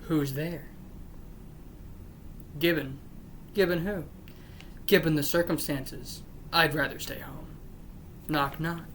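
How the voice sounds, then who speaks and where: Her voice sits low and steady, a fairly bright tone, as she takes her time and pauses often. The woman, host of her own channel, reads joke after joke and interrupts herself to grumble, unimpressed, that they're not funny. Slight background noise is audible.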